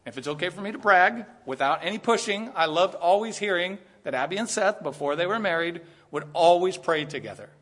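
A man's voice: high-pitched, animated, fairly quick, few pauses, a bit bright. A middle-aged man preaching a sermon in a church, talking to the congregation conversationally and with emphasis, and dropping in joking asides.

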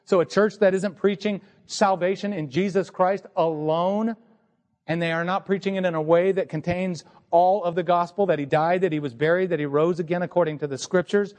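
Earnest pastor preaching a sermon. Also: male voice, high voice, steady tone, moderate pace, a little mellow. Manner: earnest teaching tone, rhetorical questions. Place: church sanctuary.

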